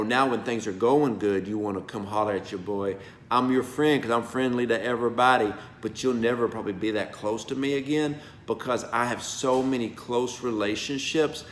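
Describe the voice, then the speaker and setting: A man preaching an informal prophetic message, folksy and emphatic, his voice going from soft to loud. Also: on the low side. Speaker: pastor. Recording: roomy echo, faint background noise.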